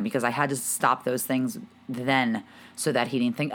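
A young woman talking to her viewers in a personal vlog, halting and emotional, with many pauses and fillers. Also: a bass voice, steady tone, a bit bright. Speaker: vlogger.

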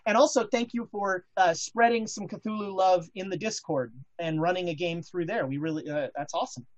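A woman's voice: fairly low pitch, a little fast. A woman hosting a casual chat show, talking with many fillers and restarts. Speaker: podcast host.

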